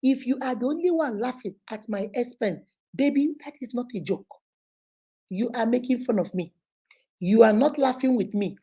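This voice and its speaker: A middle-aged Nigerian woman hosting a live show, giving an animated motivational talk with a husky voice. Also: on the high side, moderate pace. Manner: animated, preachy, with mimicked voices. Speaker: host.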